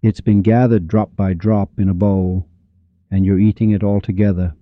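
A man's voice: on the low side, little pitch movement, moderate pace, dry recording. A man teaching a lecture on poetry and scripture, emphatic and dramatic, speaking straight to his listeners. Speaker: religious teacher. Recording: dull lo-fi dry recording.

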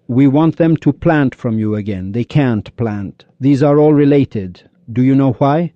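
A man's voice: mid-range voice, a little slow, hardly any pauses, dry recording. A man giving a rambling spiritual lecture that drifts between questions to the audience and retold stories with quoted dialogue. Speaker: religious speaker. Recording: dull lo-fi recording.

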